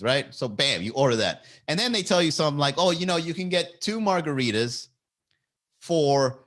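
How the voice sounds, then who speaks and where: A man's voice: a little high, animated, brisk, a bit bright. A man hosting a comedy podcast, riffing casually, often laughing and swearing freely.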